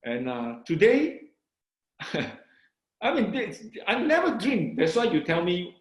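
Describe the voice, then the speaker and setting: A middle-aged Malaysian man, a guest sharing his testimony, tells his life story in a slightly high voice with lively, swinging pitch. Excited and animated, he keeps repeating little phrases like "I said" and "you know," then slows right down to read scripture with emphasis. The room around him echoes.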